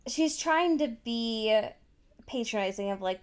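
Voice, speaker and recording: A woman co-host talks through a TV recap at an unhurried pace, her pitch sitting in an ordinary middle range. She speaks loosely and profanely, leaning on fillers and acting out what the characters said. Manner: loose, profane, full of fillers and acted-out quotes. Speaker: podcast co-host. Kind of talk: casual episode recap chat.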